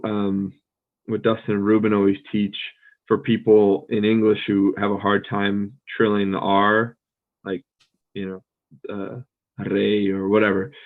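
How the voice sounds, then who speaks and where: An American man co-hosts a podcast, chatting casually in a relaxed, rambling way full of fillers and restarts. His voice is lowish, and the audio sounds narrow and tinny.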